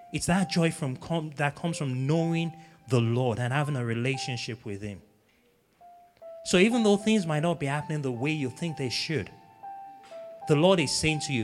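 A man's voice: a little high, fairly bright tone, long reverb tail. Earnest male preacher exhorting a congregation. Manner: earnest exhortation, repeating phrases, sings snatches of a hymn. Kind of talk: sermon.

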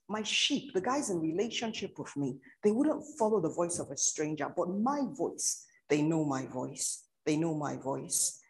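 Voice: mid-range voice, a little mellow, poor audio. Preacher repeating phrases, questioning listeners. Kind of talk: sermon.

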